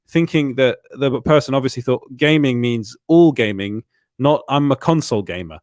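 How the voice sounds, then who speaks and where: Young English male co-host, casual chat, laughs at himself, mid-pitched, dry mic. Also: a little fast, a little mellow, no room sound. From England. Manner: chatty, laughing, self-deprecating storyteller.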